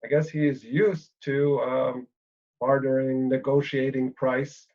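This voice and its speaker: A Bible lecturer explains scripture in a mid-range, slightly mellow voice with a flat delivery. He works his thoughts out aloud with frequent pauses and fillers, using little "right?" tags to keep listeners with him. The audio is dull and lo-fi, like an older lecture recording.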